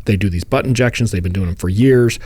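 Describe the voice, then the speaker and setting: A man with a low-pitched voice co-hosts a true-crime podcast, recounting a case in a relaxed, joking manner. He slips into quick voices for the people involved. The recording is dry and close. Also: slightly rough, dry recording. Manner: jokey retelling with put-on voices for people in the case. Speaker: podcast co-host. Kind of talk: casual true-crime storytelling.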